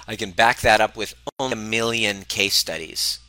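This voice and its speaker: A man's voice: on the low side, steady tone, unhurried, bright, forceful tone, no room sound, low-quality recording. A man coaching a live group on relationships, speaking emphatically and bluntly, swearing freely and repeating phrases for emphasis. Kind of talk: motivational talk to a live group.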